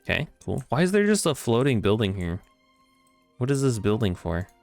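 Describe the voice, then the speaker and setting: A man streaming a video game, chatting casually, reacting excitably with swearing, laughter and mock-grand musings. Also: medium pitch, normal speed, vocal fry, soft background music. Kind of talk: casual gameplay commentary.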